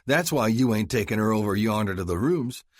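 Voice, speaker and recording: A man voicing a brash, hot-headed young male Texan cowhand with a loud, sneering delivery, in an audiobook with a dry sound. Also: medium pitch, sing-song, no room sound, pitched above the performer's own voice. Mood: taunting. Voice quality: loud, sneering, quick to shout.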